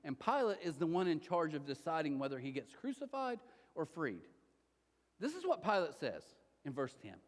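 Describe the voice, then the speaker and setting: A male pastor delivers an animated, conversational sermon and keeps slipping into acted-out quotes. His voice runs high and leaps around in pitch. A long reverb from the church auditorium hangs on every phrase. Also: normal speed.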